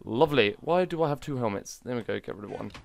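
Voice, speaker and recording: Excitable man showcasing game mods. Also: medium pitch, quick pace, gravelly. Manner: excitable, chatty, self-mocking. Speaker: gaming channel host. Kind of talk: video game mod showcase commentary.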